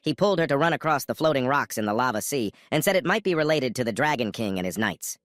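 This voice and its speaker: A man's voice: mid-range voice, animated, quick pace, hardly any pauses, fairly bright tone, dry recording, clean studio sound. A man narrating a comic story recap in a scripted way, jumping into character lines now and then.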